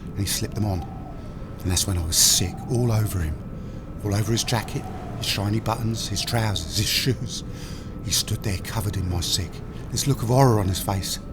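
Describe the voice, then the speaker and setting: A man's voice: fairly low pitch, background noise, close to an everyday voice. A man voicing a dying old sailor confessing. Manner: plain-spoken confessional storytelling. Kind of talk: audio drama storytelling. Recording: voice over music underscore. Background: music.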